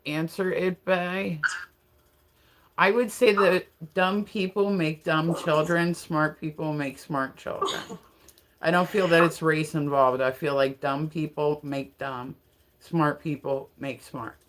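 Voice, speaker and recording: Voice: medium pitch, fairly even intonation, slow pace, noisy background. Livestream host, loose and rambling, heavy on fillers, laughs often. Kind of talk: casual livestream chat.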